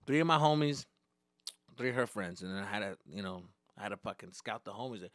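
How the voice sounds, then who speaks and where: A young man doing stand-up, telling a story in animated, profane bursts with Spanish slang mixed in. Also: on the low side, brisk, no room sound, clean studio sound. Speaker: stand-up comedian. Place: comedy stage.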